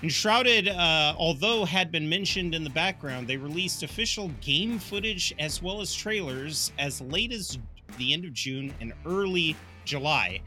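A man's voice: a little high, lively intonation, a little slow, bright, forceful tone, soft background music. A man hosting a casual podcast, upbeat as he runs through the week's schedule and brings in the next topic. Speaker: podcast host. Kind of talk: casual podcast chat and announcements.

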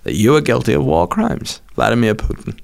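A man's voice: medium pitch, animated, a little fast, vocal fry, a little hiss or hum. A man putting on a pompous, formal middle-aged male politician who speaks in a stiff, self-important way.

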